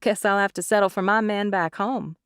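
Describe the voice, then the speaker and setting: A woman reading as a serious young Southern woman, slow lazy drawl, dry close sound, sounds like a storybook recruit with no nonsense in her. the narrator keeps her pitch in an ordinary middle range. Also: steady tone, a bit bright, clear, resonant tone, no echo, lightly acted. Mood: wry.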